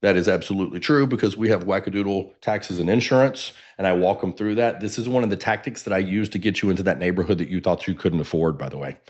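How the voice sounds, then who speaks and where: Energetic baritone man with Texan drawl. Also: quick pace, hardly any pauses, lo-fi sound. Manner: energetic, animated, casual. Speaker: real estate coach. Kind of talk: webinar teaching. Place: standing, moving around while speaking.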